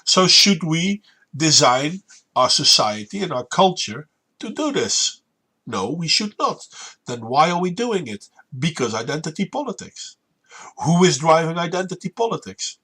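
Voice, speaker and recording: A man with a Dutch accent hosting a stream, debating politics in a measured, deliberate way. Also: fairly high pitch, big pitch swings, pushed and bright, husky. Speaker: stream host.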